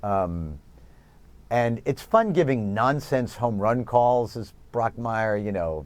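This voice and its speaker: A man in his forties from New York, guesting on a TV interview, with a lively, self-mocking delivery and frequent laughter. His voice rises and falls a lot, recorded dry and close. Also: medium pitch, slow, dry recording. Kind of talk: remote TV interview.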